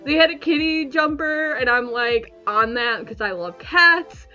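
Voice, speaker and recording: A woman's voice: sits high, unhurried, bright, forceful tone, lo-fi sound, faint music behind. A woman giving bubbly, giggly, chatty commentary while playing a video game. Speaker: gaming YouTuber. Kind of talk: casual let's-play commentary.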